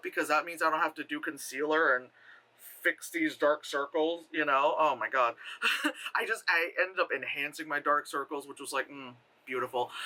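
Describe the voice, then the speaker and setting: A man vlogging in casual storytelling mode, animated and laughing, swearing freely. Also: a little high. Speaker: vlogger and cosplayer.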